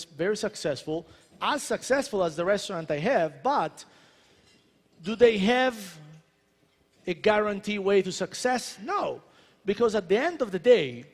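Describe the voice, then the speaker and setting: A man in his thirties from Italy with an Italian accent, giving a joking, animated motivational talk to a convention audience. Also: sits high. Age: 30s. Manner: joking, animated, addresses crowd directly. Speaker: celebrity chef speaker. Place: large convention hall. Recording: reverberant hall.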